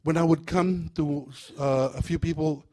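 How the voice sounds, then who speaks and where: A man preaching a sermon in a church, animated and humorous, breaking into acted-out voices. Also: fairly high pitch, a little slow. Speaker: pastor.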